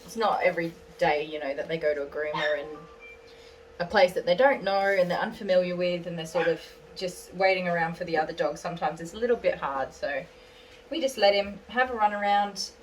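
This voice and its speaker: A woman dog groomer who calmly explains each step as she works and coos soothingly to the dog. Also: lowish voice, a little fast, faint music behind. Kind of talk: narrating a grooming session on camera. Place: indoor grooming salon. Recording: distant voice with clipper and dog noise.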